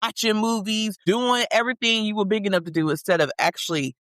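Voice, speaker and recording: A woman co-hosts a casual podcast, teasing and blunt, and she drops slang freely. Her voice sits at an ordinary middle pitch, and the close mic keeps it dry. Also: lively intonation, fast, a bit bright, no echo. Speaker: podcast co-host.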